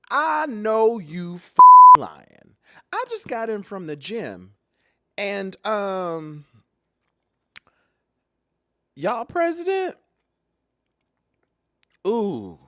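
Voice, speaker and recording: A woman chatting casually to the camera, sassy and very expressive. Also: mid-range voice, drawn-out words, no echo, studio quality.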